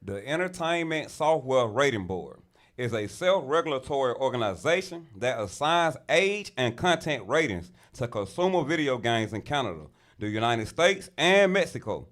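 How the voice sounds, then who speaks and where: Male reader, steady read-aloud, varied pitch. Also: moderate pace. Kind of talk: reading aloud.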